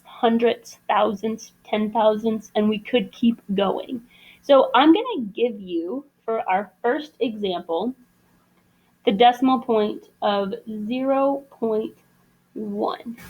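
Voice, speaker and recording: A woman's voice: a little high, lo-fi sound. A woman teaching a math lesson, explaining patiently step by step. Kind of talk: recorded classroom lesson.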